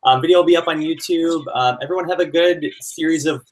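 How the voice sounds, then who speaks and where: A man's voice: fairly high pitch, steady tone, fast talker, poor audio. A young man co-hosting a live video interview, friendly and lightly joking as he asks questions and wraps up. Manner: friendly, wrapping up, slightly joking. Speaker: co-host.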